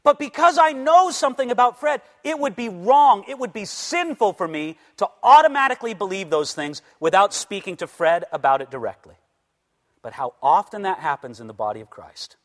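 A man's voice: high voice, animated, normal speed, in a large hall. A man preaching a sermon as a pastor, telling a story with animation and acting out the voices of the people in it.

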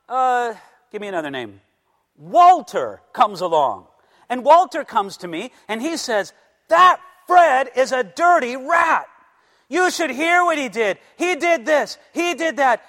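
A male pastor delivers a sermon with animated storytelling and acts out the people in the story. His voice sits high and swings widely in pitch. A long reverb hangs around every word, as in a big hall.

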